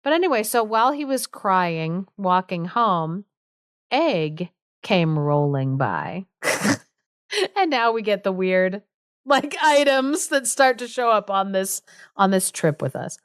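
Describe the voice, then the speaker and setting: Woman co-host, casual storyteller, chatty and amused; smooth, clear voice, dry sound. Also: medium pitch, lively intonation, takes it slowly, no room sound. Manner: chatty, amused, lots of fillers.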